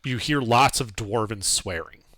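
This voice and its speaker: A man narrating as game master of a tabletop game in a casual, animated way with some hesitation. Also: on the low side, a little slow, no echo.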